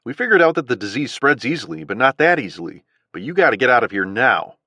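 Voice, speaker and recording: A man's voice: medium pitch, very animated, fast, bright, forceful tone, no room sound. A man voicing a tense male doctor who talks earnestly to armed bandits. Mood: urgent. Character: tense male doctor bluffing under threat.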